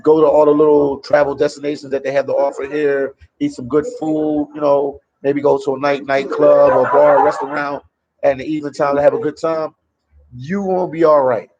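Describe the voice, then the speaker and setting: A man's voice: on the high side, little pitch movement, moderate pace, dull audio, a crowd in the background. A man from Memphis, chatting casually on a travel livestream from a café and answering viewer comments. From Memphis, USA. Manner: loose and talkative, reads and answers viewer comments. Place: a café in El Salvador.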